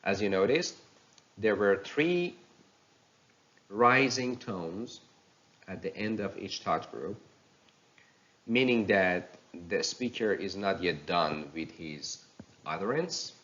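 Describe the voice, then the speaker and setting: A man teaching pronunciation in a recorded lecture, explaining slowly and reading example sentences aloud. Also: deep voice, animated, a bit bright, muffled recording.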